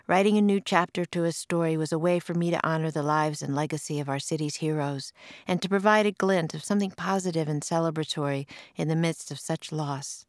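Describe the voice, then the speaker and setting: A woman reads a storybook aloud, her voice sitting a little low. She is expressive and lively, and the recording is dry and close with no room sound. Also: no echo. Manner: expressive, puts on voices for quoted lines. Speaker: author and narrator.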